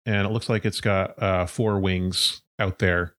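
A man with a deep, low-pitched voice narrates a tabletop game as its game master. He describes scenes in a loose, searching way, stopping for filler words as he goes. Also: steady tone, measured pace, fairly bright tone.

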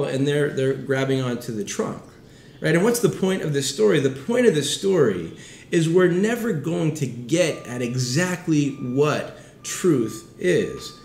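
A man in his thirties preaching a sermon as a pastor, in an animated, conversational way. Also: a little high, unhurried, creaky, roomy sound, a little hiss or hum. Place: city setting with background street noise.

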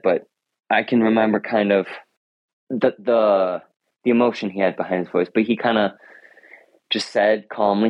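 Teen male interviewee, thoughtful and sincere, lowish voice, muffled lo-fi sound. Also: no room sound. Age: teens. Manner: earnest, reflective, with many restarts. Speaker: high school runner, interview guest. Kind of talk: interview answers. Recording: dull lo-fi sound.

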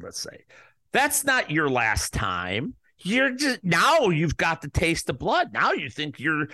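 A man hosting a podcast, ranting in a profane, heated monologue that jumps to loud peaks. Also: fairly high pitch, no echo, studio quality. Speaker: podcast host.

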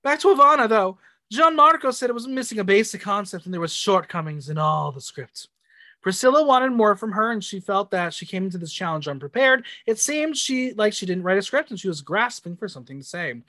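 High bright guy doing a sassy drag show recap, dry close sound. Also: expressive, fairly quick, no room sound. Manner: reads out judges' critiques, sassy. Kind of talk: casual chat.

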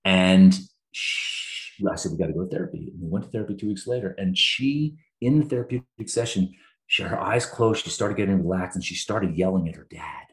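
A man's voice: low voice, normal speed. A middle-aged man, a therapist, speaking earnestly and openly about his own life in a conversation. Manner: earnest, emotionally open, reflective. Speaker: therapist, guest. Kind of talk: candid conversational storytelling. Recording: roomy echo.

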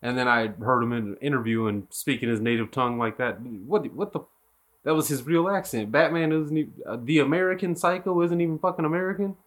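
A man's voice: fairly high pitch, fast talker, few pauses. A man chatting casually about actors and accents, rambling with fillers, swearing and laughing often. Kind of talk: casual chat.

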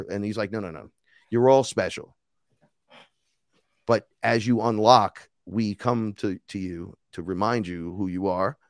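A man with a low-pitched voice tells a sprawling personal story on an interview podcast, heard close and dry. He talks casually and swears freely, acting out each line of quoted dialogue. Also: darkish tone, no echo. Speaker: podcast guest, rapper and shaman.

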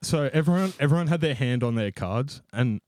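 On a podcast, a young man laughs his way through a long, rambling story that pokes fun at himself. His voice is medium-pitched, expressive and a little mellow, moving a bit fast, with studio-quality sound and no room echo.

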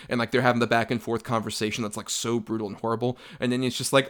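A man talking fast about a film he loves. His words tumble out, packed with fillers, and he breaks into little acted-out quotes from the scenes as he goes. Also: mid-range voice, flat delivery, a bit bright. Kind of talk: casual film discussion.

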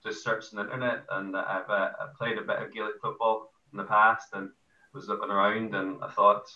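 A man's voice: on the low side, little pitch movement, fairly quick, pushed and bright, echoey room, recorded from a distance, muffled recording. An Irish man being interviewed as a guest about playing amateur football, chatty with playful boasts. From Ireland. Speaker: guest, amateur footy ruckman. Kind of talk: casual podcast interview.

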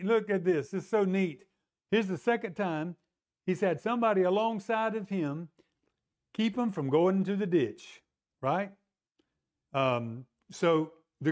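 A man preaching a sermon, retelling a story and acting out the voices in quotes. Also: high-pitched. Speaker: pastor.

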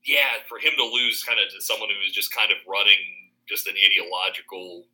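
A man's voice: lowish voice, steady tone, a little fast, sharp tone, low-quality recording. A man in his thirties, a college faculty member and podcast guest, chatting casually with restarts and frequent laughter. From Pennsylvania. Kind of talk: casual conversation.

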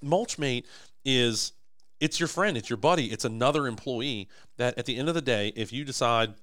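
A young man chatting enthusiastically on a podcast about his company, his voice going hoarse. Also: medium pitch, moderate pace, fairly bright tone, no echo, clean studio sound. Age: young adult. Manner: enthusiastic, emphatic salesman. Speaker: podcast host, manufacturing company owner. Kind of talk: casual podcast chat.

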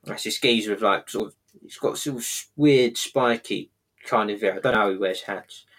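A man casually retelling a TV episode scene by scene, rambling and halting with plenty of fillers. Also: fairly low pitch, a bit bright.

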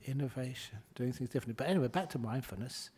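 A man's voice: mid-range voice, quick pace, dark tone, husky. A man, a Buddhist monk, giving a humorous dharma talk in a chatty way and laughing at his own stories.

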